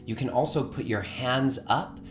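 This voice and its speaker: A man hosting a live online spiritual session, gently encouraging his audience to join in. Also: mid-range voice, moderate pace, reverberant. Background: guitar playing.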